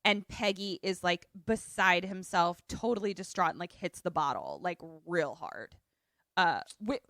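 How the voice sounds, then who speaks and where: A woman co-hosting a podcast in casual chat, retelling a film as an animated, joking storyteller who swears freely, on a remote call. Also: lowish voice, unhurried, dry recording, studio quality. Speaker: podcast co-host. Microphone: remote call setup.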